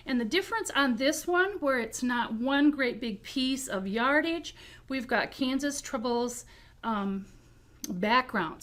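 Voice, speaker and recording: A middle-aged woman co-hosting a quilt shop video, chatting enthusiastically about fabrics with frequent ums. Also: a little high. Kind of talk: casual product presentation.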